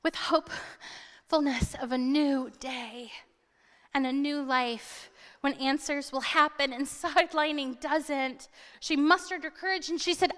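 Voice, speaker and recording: Bright, high-voiced woman preacher. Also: unhurried, in a large hall. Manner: animated, dramatic retelling with asides. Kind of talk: storytelling sermon.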